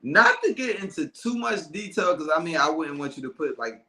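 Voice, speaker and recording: A man's voice: a little high, sing-song, a little fast, a crowd in the background. A man hosting a podcast, talking loosely and casually with slang while reading the live chat. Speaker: podcast host. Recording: roomy echo.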